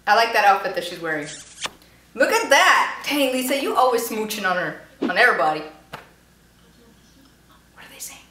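A woman's voice: mid-range voice, sing-song, fairly quick, bright, forceful tone. Young woman chatting through a reaction vid, giggly, kinda echoey room. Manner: chatty, giggly, voices the people on screen playfully. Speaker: YouTube reaction host. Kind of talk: casual reaction commentary. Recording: echoey room with faint noise.

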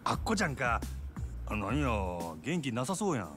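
An actor playing a brash, playful male yakuza who talks in a rough, teasing way with a Kansai accent. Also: mid-range voice, sing-song, very fast, over music, close to an everyday voice. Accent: Kansai Japanese.

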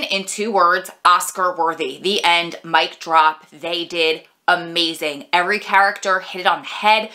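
Woman vlogger, clear bright tone, expressive casual film review. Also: mid-range voice. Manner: chatty, heartfelt, expressive.

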